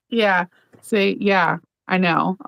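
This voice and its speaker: A woman in her thirties hosting a casual sewing chat, playful and quick to laugh as she tells stories. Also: mid-range voice, expressive, creaky, a little hiss or hum, low-quality recording. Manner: chatty, laughs often, playful. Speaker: sewing vlog host.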